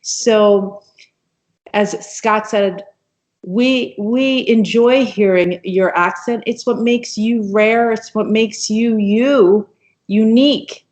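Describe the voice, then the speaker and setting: Unhurried American woman on a call. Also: mid-range voice, a little mellow. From United States. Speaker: guest speaker. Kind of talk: video call conversation. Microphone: video call.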